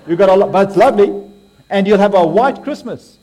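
A man's voice: high voice, lively intonation, normal speed, pauses often, a little mellow. A man with an Australian accent giving a playful, interactive sermon, joking with and quizzing his congregation. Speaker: preacher.

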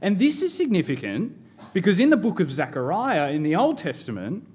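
A man in his thirties, a pastor, preaching a sermon in a measured, emphatic way with rhetorical questions. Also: high voice, wildly swooping pitch, darkish tone, husky.

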